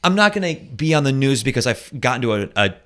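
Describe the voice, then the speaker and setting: A man from Florida telling a personal story in casual talk show chat, with quick asides. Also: medium pitch, big pitch swings, a bit bright. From Florida, USA. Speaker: co-host.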